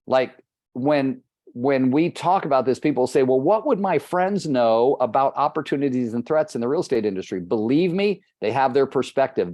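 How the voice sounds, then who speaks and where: A man's voice: medium pitch, darkish tone, no room sound. A conversational male coach who talks straight to his listeners, calling on them by name. His voice sits in a middle register. It is captured close with no room sound. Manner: conversational, plain-spoken, addresses listeners by name. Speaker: real estate coach. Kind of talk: live coaching call.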